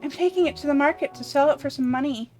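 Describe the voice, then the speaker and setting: A woman's voice: high-pitched, fast, faint music behind, close to an everyday voice. Woman voicing a timid young man. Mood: earnest. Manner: bright, polite, easily frightened. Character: young man who cannot read, polite and timid. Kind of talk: voicing game dialogue.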